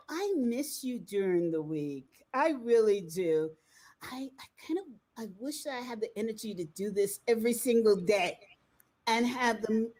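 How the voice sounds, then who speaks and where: A woman's voice: medium pitch, darkish tone. A woman hosting a live-streamed talk show, chatty and bubbly, laughing easily as she greets viewers and introduces her guest. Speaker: host. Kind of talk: casual live-stream chat.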